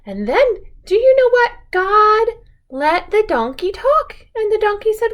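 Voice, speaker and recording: Woman, children's storyteller, high voice, swooping sing-song, coaxing questions. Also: sing-song, measured pace. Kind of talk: reading a picture book to a child.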